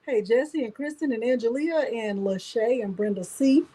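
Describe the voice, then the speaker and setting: A woman's voice: fairly high pitch, lively intonation, normal speed, warm tone, poor audio. A woman hosting a casual craft livestream, chatting and greeting viewers by name one after another.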